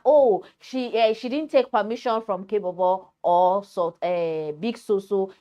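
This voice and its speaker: Play a Nigerian woman host in opinionated commentary; keep it animated and emphatic, repeating lines for punch. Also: a little high. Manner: emphatic and indignant, repeats herself for effect. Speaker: show recap host.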